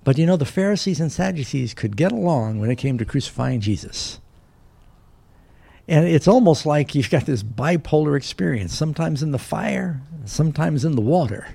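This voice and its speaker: A man's voice: on the high side, lively intonation, moderate pace, vocal fry, dark tone, slightly rough. A man preaching a sermon, retelling a Bible story and briefly voicing its characters. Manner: storytelling, voicing biblical characters with varied emphasis.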